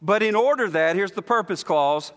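A man preaching a sermon as pastor, emphatic, slowing down to stress repeated lines. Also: high-pitched, expressive, fairly bright tone, in a large hall. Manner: emphatic preaching with slow, drawn-out repetitions.

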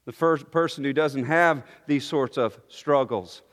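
A man's voice: medium pitch, a little slow. A man preaching a sermon, earnest and teaching, often restarting his phrases. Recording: long hall reverb.

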